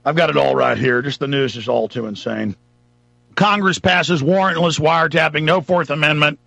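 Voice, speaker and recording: A man's voice: a little high, moderate pace, gravelly, pushed and bright, no room sound, highs cut off. A man hosting a talk radio show, delivering an emphatic, ranting monologue. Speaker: radio host.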